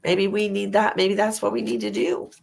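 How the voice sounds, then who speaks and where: A woman's voice: medium pitch, moderate pace, gravelly, a little mellow. A woman hosting a psychic livestream, giving tarot readings and chatting casually with viewers, with a stuffy nose from allergies. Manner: chatty, rambling, laughs at herself.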